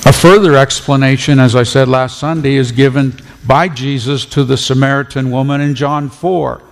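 A man's voice: medium pitch, steady tone, moderate pace, gravelly. A man preaching a sermon as pastor, emphatic and repeating phrases for effect. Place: church. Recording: long reverb of a church hall.

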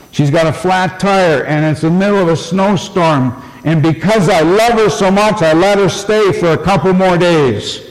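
Male pastor preaching, unhurried and emphatic, fairly high voice, long hall reverb. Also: darkish tone. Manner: storytelling preacher, slow and emphatic. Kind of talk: sermon.

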